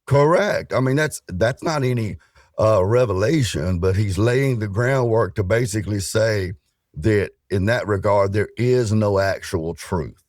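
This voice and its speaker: A middle-aged man in a casual podcast debate, speaking in a folksy, dismissive way with drawn-out phrasing. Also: fairly low pitch, a little mellow, dry recording, studio quality. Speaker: co-host panelist.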